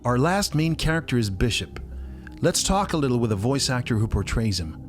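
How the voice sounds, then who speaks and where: A man's voice: medium pitch, very animated, a little fast, faint music behind. A man narrating and introducing guests in a scripted way. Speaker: interviewer and narrator.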